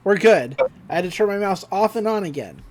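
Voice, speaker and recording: A woman co-hosting a podcast, recapping an episode in a casual, animated way. Her pitch swings widely as she acts out the characters' quotes. She sits in the middle of the usual range. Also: fairly quick, a little hiss or hum. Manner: animated retelling with acted-out quotes and laughs. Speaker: podcast co-host.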